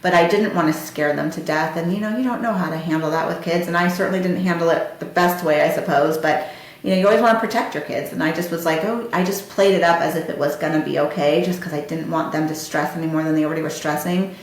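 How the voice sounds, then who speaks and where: Podcast host: a lower-voiced woman telling a personal story, candid and heartfelt, recorded in a very echoey room. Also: fast. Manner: candid and heartfelt, talking straight to listeners.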